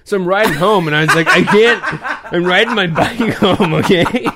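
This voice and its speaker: A man's voice: high voice, brisk, over a noisy crowd. A middle-aged man co-hosting a podcast, laughing as he rambles through crude comic stories. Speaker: podcast co-host. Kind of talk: crude comedic podcast banter.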